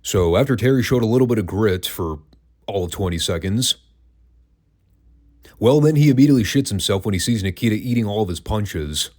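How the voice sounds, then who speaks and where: Low-voiced sarcastic man reviewing. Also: animated, a little fast, darkish tone. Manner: dry, sarcastic. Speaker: wrestling podcast host. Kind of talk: casual retro review.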